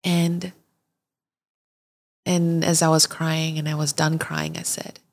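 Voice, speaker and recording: A young woman hosts a podcast, telling a candid, confessional story in a chatty way and often acting out her own reactions. Her voice is low and slow with vocal fry, and her tone stays level.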